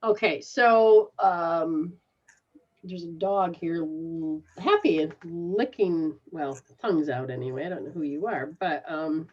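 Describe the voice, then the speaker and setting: A woman hosting a call-in show, giving a spiritual reading in a slow, halting way and laughing often. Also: low voice, highs cut off. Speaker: psychic reader, show host.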